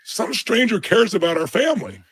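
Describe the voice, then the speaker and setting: A man's voice: high-pitched, sing-song, normal speed, a bit bright, slightly rough, poor audio. A man telling an earnest personal story from his childhood, emphatic and quoting the people in it. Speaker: speaker telling a life story.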